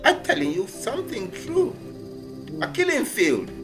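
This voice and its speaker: A man hosts a church talk in a lively preaching style, often acting out other people's voices. His voice sits a bit high for a man. Music plays steadily under him. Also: measured pace. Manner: animated preaching, acts out quoted voices. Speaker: ministry host. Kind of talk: sermon-like conversation.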